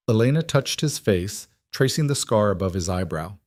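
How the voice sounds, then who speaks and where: A man narrating a scripted romance story in an even, measured way. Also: fairly low pitch, no echo, studio quality.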